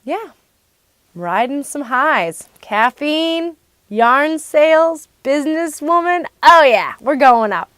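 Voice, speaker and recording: A woman hosting a craft podcast in casual chat, bubbly and excitable. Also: high-pitched, takes it slowly, dry recording. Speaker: podcast host.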